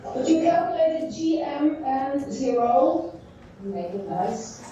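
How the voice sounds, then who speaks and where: Slow-spoken woman teacher in an echoey classroom. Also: high voice, lively intonation, dark tone, slight background noise. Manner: halting, thinks aloud while drawing on a board. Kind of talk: classroom lecture. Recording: echoey dull room sound from far off.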